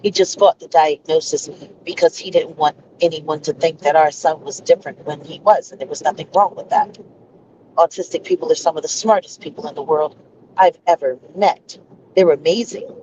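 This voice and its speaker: A woman's voice: low-pitched, moderate pace, background noise. A woman speaking earnestly and insistently on a livestream, laying out her side of events. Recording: dull lo-fi stream audio.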